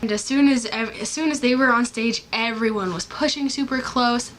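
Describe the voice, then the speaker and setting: A woman's voice: a little high, normal speed, fairly bright tone, a little hiss or hum, rough recording. A young woman vlogging in a bubbly, rambling way, full of fillers and restarts. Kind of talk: casual chatty vlog.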